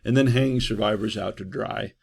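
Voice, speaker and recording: Gravelly-voiced man giving a training lecture. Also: fairly low pitch, fairly quick. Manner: conversational, frequent "right?" and "uh" fillers. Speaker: trauma trainer.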